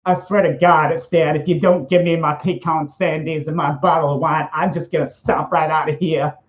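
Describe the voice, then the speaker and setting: A campy, lisping alien diva, as a man puts him on whines and demands in a slightly high voice. He sounds flamboyant and put-upon. The recording is dull and lo-fi. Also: level tone, normal speed, close to an everyday voice. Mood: whiny, demanding. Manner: campy, whiny complaining. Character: flamboyant lispy male alien, demanding and dramatic.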